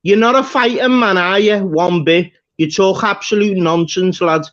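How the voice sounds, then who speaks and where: Scornful high-voiced man on a muffled stream. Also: moderate pace, a bit bright. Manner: taunting, scornful. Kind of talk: heated live-stream argument. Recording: dull lo-fi stream audio.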